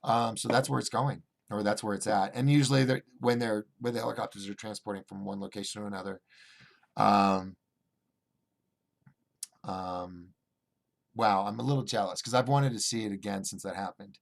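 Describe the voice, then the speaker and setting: A man hosting a casual livestream, reading viewer chat aloud and rambling through restarts and fillers, swinging between excited bursts and low asides. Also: moderate pace, vocal fry. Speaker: host of a call-in livestream show.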